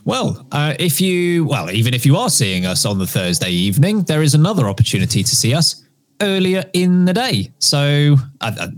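A man hosting a casual motorsport podcast, relaxed with fillers. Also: a little high, moderate pace. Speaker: podcast host.

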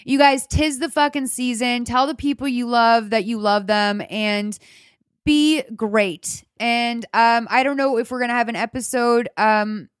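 A woman's voice: a little high, unhurried, smooth, no room sound. A woman hosting a podcast in casual chat, gushing and swearing freely, close to tears. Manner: gushing, profane, affectionate. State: tearful. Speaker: podcast host.

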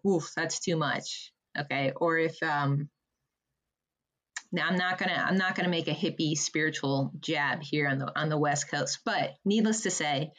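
A woman guest on a podcast explaining breathwork in a lively, emphatic coaching manner and guiding the listener through slow breaths. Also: low voice. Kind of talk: podcast conversation, guided breathing.

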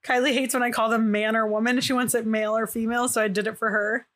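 A woman's voice: fairly high pitch, little pitch movement, quick pace, a bit bright. A woman co-hosting a podcast in casual chat, joking and giggling as she argues her point. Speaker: podcast co-host.

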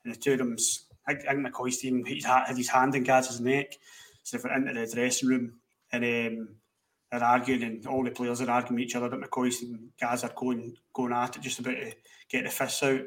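Man telling a story, flat pitch. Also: moderate pace, distant mic, rough recording. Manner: animated anecdote telling, swearing in quotes. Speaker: podcast co-host. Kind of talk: casual storytelling.

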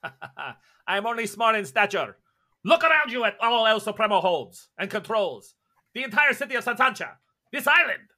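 A man doing a booming, pompous little tyrant. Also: sing-song, normal speed, sharp tone, exaggerated voice. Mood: boastful. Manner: booming, boastful, theatrical. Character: short pompous male tyrant ruler, loud and grandiose.

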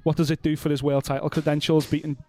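A man's voice: on the high side, little pitch movement, fast talker, mellow, slight background noise. A man co-hosting a podcast, chatting casually and bluntly about boxing with plenty of swearing and jokes. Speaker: podcast co-host.

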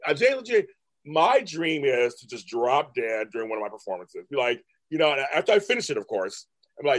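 Man in his fifties, middle pitch, candid interview guest, profane and animated. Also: brisk. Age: 50s. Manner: blunt, profane and animated, mimicking family in raised voices. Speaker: guest artist. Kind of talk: candid casual interview talk.

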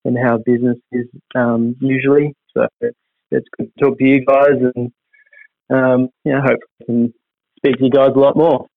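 Gravelly man on a phone line. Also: medium pitch, level tone, no room sound. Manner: hesitant, many fillers and restarts; upbeat, measured. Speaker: racing team manager. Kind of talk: interview answers.

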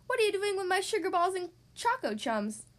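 A woman's voice: extremely high pitch, very animated, a little fast, voice pushed up. A woman voicing a flustered, snack-loving father bear in a storybook reading, with a raised, fussy voice.

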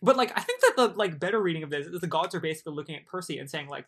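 A podcast co-host in a casual, enthusiastic book chat, talking fast and filling with "like". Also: medium pitch, expressive, fairly bright tone, slightly rough. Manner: fast, enthusiastic, heavy use of "like".

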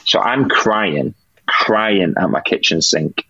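A man's voice: low voice, animated, slow, bright, forceful tone, husky, no echo. A British man, a podcast guest, earnestly telling a faith testimony and acting out the dialogue he remembers. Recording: dull lo-fi dry sound.

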